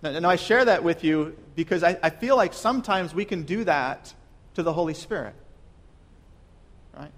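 Young guy preaching, high voice, earnest, repeats himself a lot, goes loud then real soft. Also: lively intonation, normal speed, long pauses. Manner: earnest, repeats words, asks rhetorical questions; shifts between loud emphasis and soft near-whispers. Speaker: pastor. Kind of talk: sermon.

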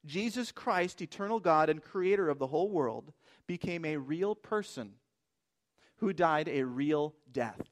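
A man's voice: a little high, expressive, a little slow. A man preaching a sermon as pastor, emphatic and asking rhetorical questions.

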